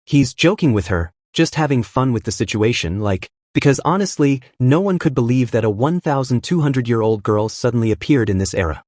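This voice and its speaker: A man's voice: mid-range voice, animated, moderate pace, few pauses, a little mellow, no echo, studio quality. A man narrating a story recap in a casual, chatty way, tossing in asides about what he doesn't understand. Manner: chatty, admits confusion with asides.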